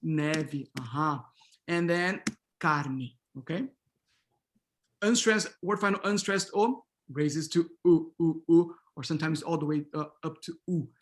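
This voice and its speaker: In an unhurried, slightly high voice, a middle-aged man guides an online pronunciation workshop by video call. He calls on students one by one, says their words back and affirms them often.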